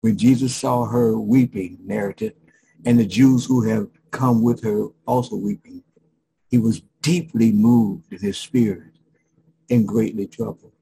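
A middle-aged male pastor preaching a sermon, emphatic, with dramatic pauses and frequent restarts. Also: fairly low pitch, steady tone, gravelly, mellow, poor audio.

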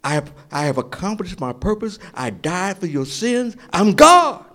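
A male pastor delivers a sermon in a fairly high voice with a very lively, swooping pitch. He retells scripture animatedly, rising to loud emphasis and dropping to near-whispers, often repeating and restarting phrases as he goes. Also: normal speed. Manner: animated preaching, swinging from loud to hushed and whispered.

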